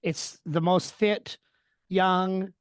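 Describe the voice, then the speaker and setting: A podcast host asks questions in a relaxed, loose way, often trailing off with fillers. The voice sits at a middle pitch. The recording is dry and close. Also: drawn-out words, smooth, no room sound. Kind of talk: casual interview.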